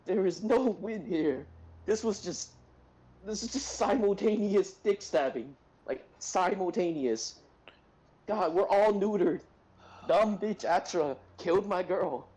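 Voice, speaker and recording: A man's voice: high voice, slow pace, mellow, low-quality recording. A man playing a tabletop game, ranting with raw emotion and heavy swearing in casual chat.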